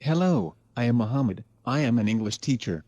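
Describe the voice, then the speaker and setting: A text-to-speech male voice with a flat synthetic quality, reading a short self-introduction. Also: medium pitch, a little fast, lo-fi sound, lightly acted. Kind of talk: synthetic read-out. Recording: played from a computer, far from the mic.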